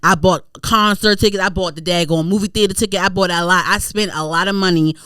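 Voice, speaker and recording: This woman co-hosts a podcast and tells stories in an animated, unfiltered way, swearing freely and rising to indignant shouts. Her voice is bright and forward. The sound is dry, with no room in it. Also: lowish voice, a little fast, clean tone, dry recording. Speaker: podcast co-host. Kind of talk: casual chat.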